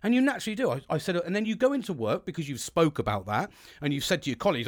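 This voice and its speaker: Sweary, animated man. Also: on the high side, racing. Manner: heavy swearing, animated, acts out quoted people. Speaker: podcast host. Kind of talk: casual motivational monologue. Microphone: home podcast mic setup.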